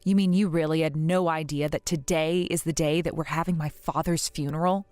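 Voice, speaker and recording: A woman voicing a grieving young wife in an animated story drama who talks in an earnest, pleading, wounded way. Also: low voice, fairly quick, dry recording, soft background music, natural voice. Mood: hurt. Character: grieving young wife hurt by her in-laws.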